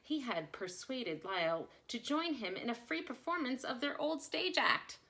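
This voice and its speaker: A woman reading a children's picture book aloud with expressive, dramatic delivery. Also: fairly high pitch, unhurried. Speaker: storyteller.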